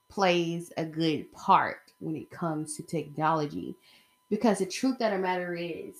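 A woman's voice: lowish voice, fairly bright tone. A woman talking in a casual opinion vlog, rambling and emphatic as she speaks straight to her viewers. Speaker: vlogger.

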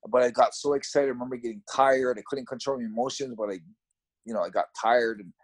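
A man casually recounting how he started fighting, in a reflective, halting, conversational way. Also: mid-range voice. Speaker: former fighter recounting his career. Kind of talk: casual storytelling.

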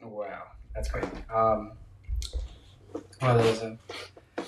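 A young man co-hosting a podcast, skeptical and full of quick follow-up questions. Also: fairly low pitch, little pitch movement. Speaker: podcast co-host. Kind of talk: casual chat. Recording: echoey, distant, noisy mic.

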